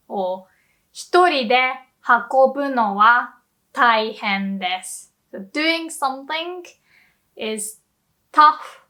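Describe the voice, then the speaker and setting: A woman teaches in a chatty, giggly way, walking through everyday examples. Her voice sits high and sounds bright and sharp. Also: takes it slowly. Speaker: Japanese language teacher. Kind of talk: casual language lesson.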